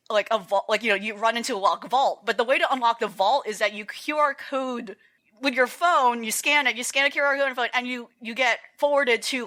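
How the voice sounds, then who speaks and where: A woman's voice: on the high side, pushed and bright. A woman co-hosting a game podcast in casual chat, rambling with many fillers and restarts. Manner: rambling, lots of fillers and restarts, laughs often. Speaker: podcast co-host.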